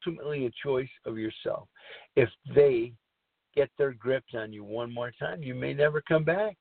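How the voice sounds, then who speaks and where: A man's voice: medium pitch, moderate pace, vocal fry, no room sound. A middle-aged man hosting a recovery talk show, speaking in a rambling, earnest way and repeating himself. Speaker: podcast host. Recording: tinny phone-like line.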